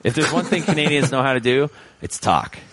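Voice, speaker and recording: Man, podcast host, casual chat, animated and jokey, lots of restarts, average pitch. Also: a little fast. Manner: animated, joking, rambling with restarts.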